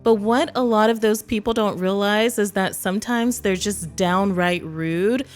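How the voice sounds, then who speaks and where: Speaking a little slowly in a mid-range voice, an East Texas woman vlogs casually to the camera with faint music behind her. She's chatty, laughs often, and acts out quotes in other voices.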